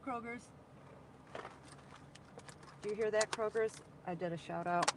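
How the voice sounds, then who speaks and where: A woman's voice: mid-range voice, unhurried, very noisy. A woman chatting casually on a live stream from her parked car, rambling and retelling her conversations. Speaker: livestreamer reporting on scene. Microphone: phone.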